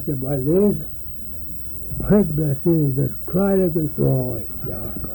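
A man's voice: a little high, normal speed, gravelly, mellow, a little hiss or hum, low-quality recording. Rambling older man. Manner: rambling, folksy, acts out voices in his stories. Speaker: interviewee. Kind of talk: oral history storytelling.

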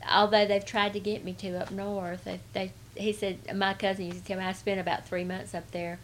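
A woman's voice: mid-range voice, little pitch movement, brisk, slight background noise. A woman from Atlanta with a Southern accent, answering interview questions in a rambling, hesitant way. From Atlanta, Georgia. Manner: rambling, hesitant, many restarts. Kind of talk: casual oral-history interview.

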